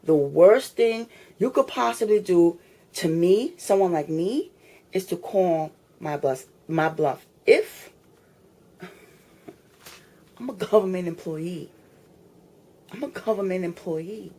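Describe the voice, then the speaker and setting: A woman's voice: fairly low pitch, expressive, takes it slowly, long pauses, warm tone. A woman ranting to a phone camera in her apartment, angry, repetitive and swearing. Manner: fed up, repetitive, confrontational, swearing. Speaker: tenant filming a complaint video. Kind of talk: angry direct-to-camera rant. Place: apartment, indoors.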